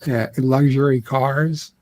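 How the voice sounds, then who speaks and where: A man in a casual live-stream chat, deadpan and joking with a mock-sinister edge. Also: mid-range voice, slow pace.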